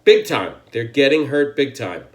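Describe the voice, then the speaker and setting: An American man rants straight to camera, his voice sitting at an ordinary middle pitch. He sounds annoyed and forceful, hammering each point and cursing freely. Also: big pitch swings, measured pace. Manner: angry, profane, emphatic. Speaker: channel host. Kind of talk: political rant to camera.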